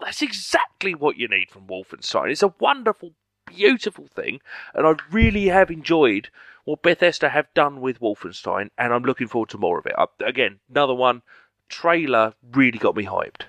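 Man, casual podcast chat, enthusiastic, forceful bright tone, dry close sound. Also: medium pitch, big pitch swings, moderate pace, no room sound. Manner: enthusiastic, swears freely. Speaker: podcast co-host.

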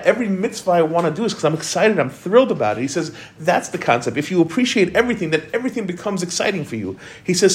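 A man giving an informal Torah class, talking conversationally and quoting commentators. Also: high voice.

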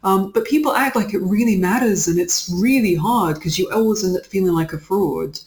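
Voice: mid-range voice, brisk. Chatty guest in an interview, lots of likes, kinda echoey room. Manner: chatty and animated, with frequent "like" fillers and laughter. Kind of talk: casual conversational interview.

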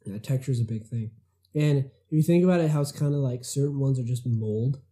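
Casual male podcast co-host, deep mellow tone, rambling and laughing easily. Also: a little fast. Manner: rambling, filler-heavy, laughs often.

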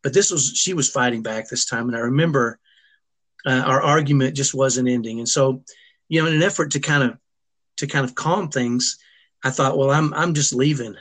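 A man's voice: mid-range voice, fairly bright tone. A middle-aged man telling a personal family story as an interview guest, earnest and emotional, often restarting his sentences. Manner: earnest, halting, with frequent restarts.

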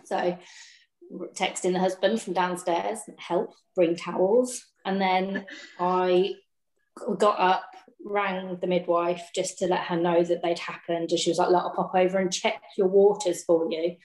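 A woman's voice: on the low side, unhurried. A woman telling her birth story in casual chat, laughing often and acting out what people said. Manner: lively, laughs often, acts out dialogue. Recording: roomy echo.

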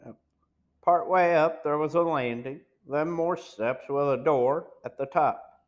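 An amateur audiobook narrator reads a novel aloud, careful but stumbling slightly now and then. His voice is fairly high and unhurried, and the high frequencies are cut off.

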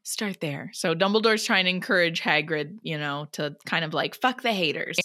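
Chatty bright-voiced woman podcast host. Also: low voice, normal speed. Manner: chatty, animated retelling. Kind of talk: casual chat recapping a book.

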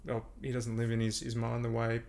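Speaking fairly quickly in a gravelly, medium-pitched voice, a man who coaches breathing talks as a podcast guest. His explanations are relaxed and chatty, with words frequently repeated while he thinks.

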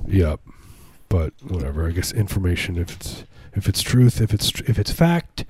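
A man's voice: low voice, animated, moderate pace, noisy background. A man chatting casually as a co-host, rambling through stories with many restarts and acted-out quotes. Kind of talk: casual comedic chat.

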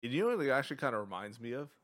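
A man's voice: medium pitch, expressive, very fast, fairly bright tone. A man co-hosting a podcast, telling personal stories in a casual way, packed with "like, you know" and laughing as he goes. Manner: filler-heavy, laughs while telling stories. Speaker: podcast co-host. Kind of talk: casual chat.

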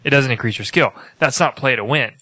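A man's voice: medium pitch, brisk, sharp tone, no room sound. A man co-hosting a casual podcast, explaining at length and often restarting his sentences. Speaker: podcast co-host.

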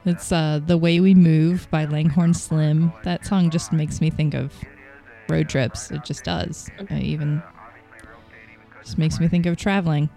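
A woman in her thirties co-hosting a casual chat, relaxed and rambling, laughing often. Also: sits low, measured pace, vocal fry, faint music behind. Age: 30s. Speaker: podcast co-host.

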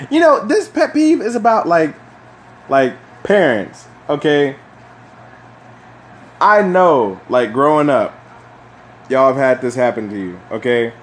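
A young man hosting a casual solo chat, rambling and swearing, with lots of fillers and animated bursts when he rants. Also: medium pitch, slow pace, pauses often. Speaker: podcast host.

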